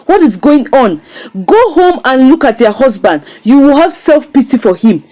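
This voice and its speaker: A woman's voice: high-pitched, very animated, moderate pace, dark tone. A woman voicing an angry older mother who scolds and accuses her grown daughter in a recapped drama scene. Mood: scolding.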